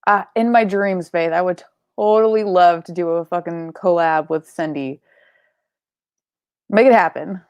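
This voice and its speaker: Young woman, sleepy casual chatter, gravelly fry, dry close sound, rambling. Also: fairly low pitch, unhurried, pauses often, darkish tone, no room sound, dull audio. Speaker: book club live show host. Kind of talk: casual live-stream chat.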